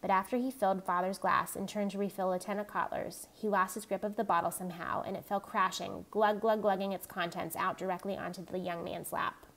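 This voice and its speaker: A woman reading a novel aloud in a steady, even narrating voice. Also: mid-range voice, fairly quick, few pauses. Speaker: reader.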